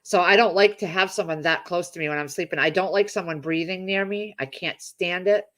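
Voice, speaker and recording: A middle-aged woman hosts a casual livestream, chatting warmly with her viewers. She reads out their comments and gushes over them, rambling from one thought to the next. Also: on the low side, fairly even intonation, fairly quick. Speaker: livestream host.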